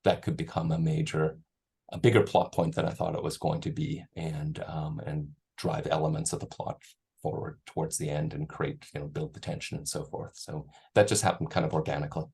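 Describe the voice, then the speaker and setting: A middle-aged man, an author, talking in a relaxed, rambling way about his writing, then reading aloud from his novel. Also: very deep voice, brisk, vocal fry, slightly rough.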